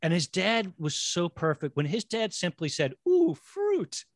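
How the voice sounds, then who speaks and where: A man's voice: on the high side, normal speed, no echo, studio quality. A man hosting a podcast, chatting animatedly about a movie and sharing fun facts. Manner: animated, laughs, mimics characters. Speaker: podcast host. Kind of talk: casual film discussion.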